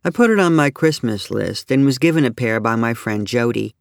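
A middle-aged man reading his own humorous personal essay aloud with a wry, deadpan delivery. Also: medium pitch, a little fast, creaky, dry recording, studio quality.

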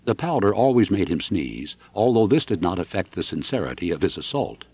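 A man giving measured, wry scripted audiobook narration. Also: low-pitched, sing-song, breathy edge, no echo, muffled recording.

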